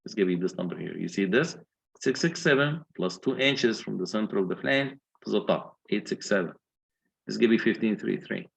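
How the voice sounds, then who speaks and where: A man's voice: on the low side, lively intonation, a little fast, creaky, low-quality recording. A man with an Egyptian accent giving a university engineering lecture, explaining step by step and often checking that students follow.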